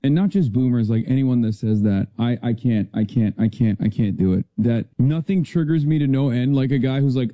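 A man's voice: medium pitch, a little fast, hardly any pauses, warm tone, no room sound. A man ranting with exasperation and sarcasm in a played commentary clip. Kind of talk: podcast commentary, playing a clip. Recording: dull, dry played clip.

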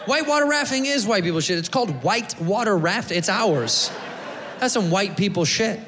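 A man from the United States doing a stand-up comedy set, animated and profane, slipping into funny voices for the people he mimics. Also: high-pitched, normal speed. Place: comedy club stage. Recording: live club mic, echoey hall, audience noise. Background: audience laughter.

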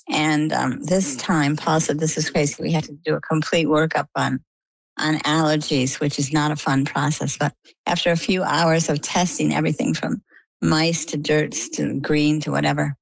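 Low, gravelly older woman telling a story. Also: no echo. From coastal Maine. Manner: chatty, vivid retelling with quoted dialogue. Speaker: interview guest. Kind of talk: conversational storytelling.

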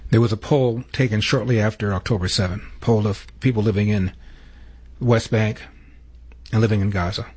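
A male talk radio host giving measured, pointed political commentary and introducing numbered clips. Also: on the low side, fairly even intonation, darkish tone, breathy edge.

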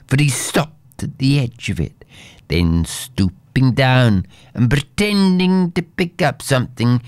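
A man's voice: low-pitched, no room sound. A man reading an old fairy tale aloud in a dramatic way, dropping into whispers at tense moments. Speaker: storyteller.

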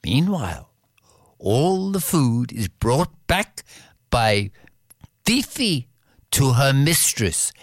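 A storyteller telling a fairy tale in an animated, expressive way, with playful repetition. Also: mid-range voice, extremely slow, pauses often, dry recording, studio quality.

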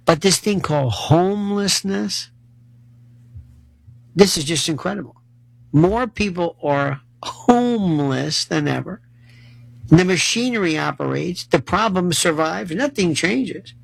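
A man delivering a sarcastic, animated commentary monologue, mocking the voices of the people he argues against. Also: high voice, measured pace, gravelly, no room sound, low-quality recording. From United States. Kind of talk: ranting monologue to camera. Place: New York City.

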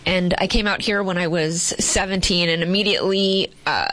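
A woman's voice: lowish voice, steady tone, normal speed, a bit bright. Chatty woman telling her story. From Boston, Massachusetts. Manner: chatty, rambling storyteller with frequent fillers and laughs. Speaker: guest, TV news reporter. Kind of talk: casual interview chat.

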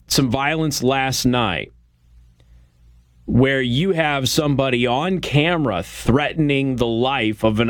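A man's voice: medium pitch, fairly bright tone, dry recording, clean studio sound. A man hosting a political talk show, giving a blunt, opinionated monologue with frequent fillers. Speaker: radio show host.

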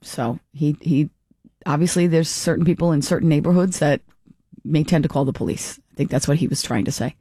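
A woman's voice: low-pitched, brisk, mellow, husky, no room sound. Chatty woman radio host, dry studio sound. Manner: chatty, laughs often, self-interrupting. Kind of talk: call-in radio talk.

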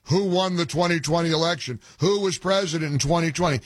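Man, talk radio host, combative, sarcastic, husky, slightly higher voice, dry close mic. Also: fast, no echo. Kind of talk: opinionated call-in talk radio.

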